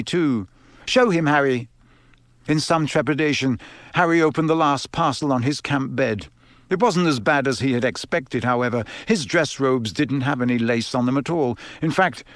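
An audiobook narrator reads from a novel in a scripted narration, using an expressive storytelling voice. He has a mid-range voice, and the recording is dry and of studio quality.

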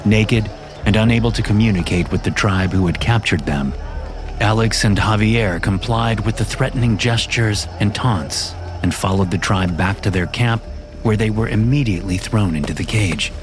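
A man narrating a horror story in a steady, measured scripted reading, with music playing behind him. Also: on the low side.

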